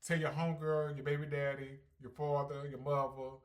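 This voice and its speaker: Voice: medium pitch, moderate pace. Sassy, brash vlogger. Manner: brash, sassy, slang-heavy talk; swings from loud hyped bursts to calm reflection. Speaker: ballroom performer and channel host. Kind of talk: casual Q&A vlog.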